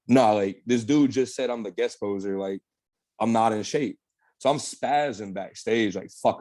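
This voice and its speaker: A young man with a mid-range voice, recorded dry, appears as a bodybuilder guest on a podcast. He tells stories in a casual, animated way, packed with slang and swearing, and keeps saying "bro" and "man" throughout this laid-back storytelling interview.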